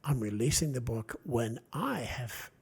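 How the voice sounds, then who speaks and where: A man with a Delaware Valley accent, an author chatting on a podcast in a rambling, animated way. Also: medium pitch, measured pace, creaky, slightly rough. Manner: rambling, animated, acts out quotes. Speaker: author guest. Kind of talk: casual podcast chat.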